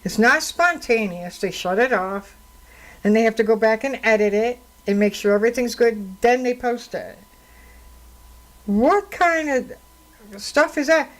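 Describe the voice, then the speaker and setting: A woman with a fairly high pitch talks at a measured pace over poor audio. She's a radio host and counselor sitting alone at a studio mic, spinning indignant, conversational stories in a solo talk-radio commentary.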